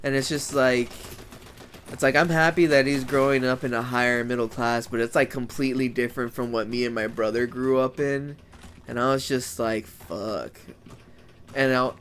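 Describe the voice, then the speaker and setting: A man's voice: mid-range voice, fairly bright tone, a little hiss or hum. A man from the United States ranting casually as a vlogger, rambling, swearing a lot and leaning on "like" as a filler. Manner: rambling and profane, heavy use of "like". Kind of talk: casual rant.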